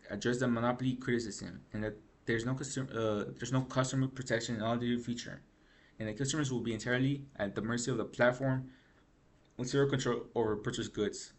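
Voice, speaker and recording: A young man giving a casual gaming news rant, rambling and frustrated, swearing and saying "bro" a lot. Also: medium pitch.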